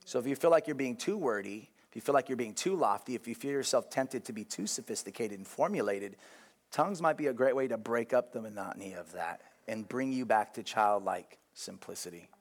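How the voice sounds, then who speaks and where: A young adult man, a pastor, giving a conversational sermon, telling a personal story with lively asides to his congregation and frequent restarts. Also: mid-range voice, fairly quick.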